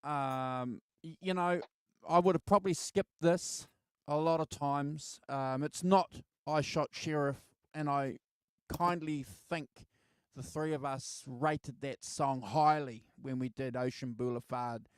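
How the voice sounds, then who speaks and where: A man's voice: on the high side, steady tone, takes it slowly, smooth, no echo. A man co-hosting a casual album review chat, rambling with lots of fillers. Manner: rambling, filler-heavy, laughs easily. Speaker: co-host.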